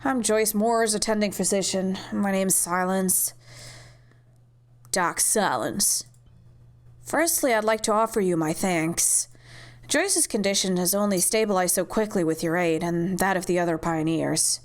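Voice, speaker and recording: A woman's voice: mid-range voice, a little slow, close to an everyday voice. A woman voicing an earnest, caring young doctor with a British accent while reading game cutscenes.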